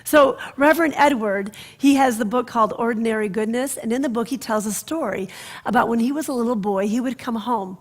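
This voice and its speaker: Woman, minister, sermon, storytelling, expressive, quiet hushed moments, higher voice. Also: brisk.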